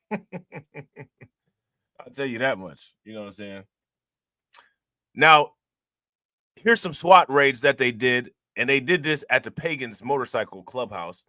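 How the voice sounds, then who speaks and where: Talking straight to his audience, this commentary host reacts to news clips in a loose, repetitive, casual way. His mid-range voice is pushed and bright with lively intonation, moving slowly with long pauses, and there's no echo.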